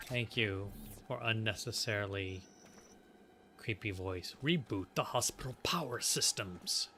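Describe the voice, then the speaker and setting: A man's voice: fairly low pitch, a little slow, sharp tone, soft background music. A man giving casual, joking commentary while playing a game, talking back to the characters. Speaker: let's play host.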